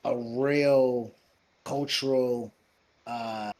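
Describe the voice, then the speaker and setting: A man's voice: mid-range voice, fairly even intonation, extremely slow, a little mellow. A man co-hosting a casual podcast, talking hesitantly with lots of fillers. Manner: hesitant, apologetic, filler-heavy. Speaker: podcast co-host.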